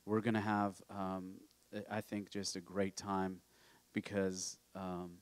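A low-pitched man preaching to his congregation in a relaxed and chatty way. He restarts his phrases often, and his voice sounds dry and close. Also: takes it slowly, no echo. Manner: casual, repeats himself and restarts. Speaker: pastor. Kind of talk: sermon. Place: church.

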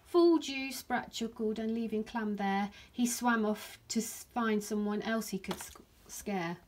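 A woman, a primary school teacher, reading a rhyming picture book aloud to her class in a gentle storytelling manner. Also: medium pitch, fairly even intonation, unhurried.

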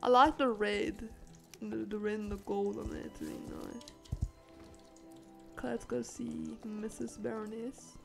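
A woman who is sick, chatting excitedly and reading game text aloud as she plays. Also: a little high, normal speed, vocal fry, soft background music. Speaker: gaming channel host. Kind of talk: casual gameplay commentary.

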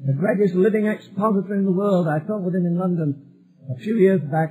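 A man's voice: sits high, brisk, phone-quality sound. A male preacher delivering a sermon emphatically, building repeated phrases toward a climax.

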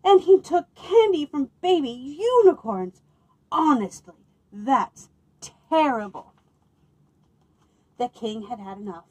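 Children's librarian, woman, storytime reader: high, unhurried, expressive, playful. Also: breathy edge, poor audio. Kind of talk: reading picture books aloud to children.

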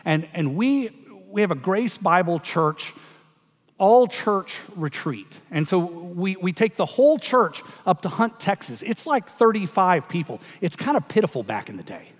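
A middle-aged man, a pastor, giving a memorial eulogy in a relaxed, humorous storytelling way. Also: high-pitched, moderate pace. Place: church hall. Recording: dull sound with long church reverb.

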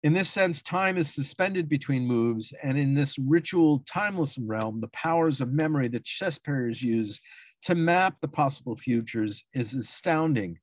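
In a dry recording, a male academic reads his prepared symposium paper in an unhurried, mid-range voice with lively intonation. The prose is dense, and he frequently stumbles on long words, restarting and fixing his mistakes.

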